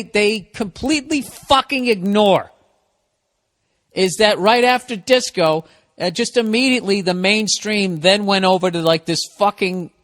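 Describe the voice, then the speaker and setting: A comedian hosts his own podcast, riffing alone in a loose, profane, sarcastic stream of thought. His voice sits high for a man. The recording is dry and close. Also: fairly bright tone, no echo. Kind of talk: solo podcast rant.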